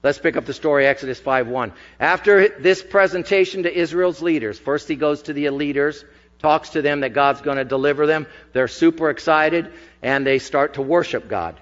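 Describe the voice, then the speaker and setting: A male pastor preaching a sermon, talking with the congregation in a conversational, emphatic way and dropping into casual asides. His voice is a touch high for a man. It echoes with long reverb through a church hall on a dull, muffled recording. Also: normal speed.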